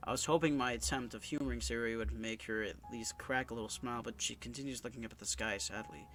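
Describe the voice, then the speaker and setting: A man's voice: mid-range voice, quick pace, hardly any pauses, a bit bright, faint music behind. A young man with a stuffy nose from sinuses, reading a visual novel game aloud in a subdued, somber way with stumbles. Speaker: let's-play narrator.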